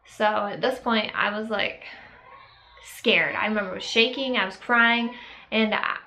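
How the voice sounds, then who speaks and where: A young woman telling a personal story to camera in a casual vlog, halting and reflective, with many fillers and pauses. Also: medium pitch, vocal fry, bright, forceful tone, low-quality recording. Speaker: vlogger.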